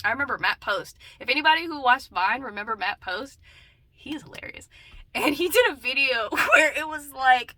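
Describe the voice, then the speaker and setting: Bright-voiced chatty woman vlogger. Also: high-pitched, normal speed, no room sound. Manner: chatty and animated, swings between loud bursts and muttered asides. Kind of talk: casual talking-to-camera vlog.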